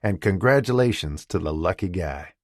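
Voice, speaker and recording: A man's voice: low voice, lively intonation, normal speed, a little mellow, no room sound, studio quality. A man reading an audiobook and voicing a teasing Southern man with an elegant Southern drawl. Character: charming American man from the South, teasing friend.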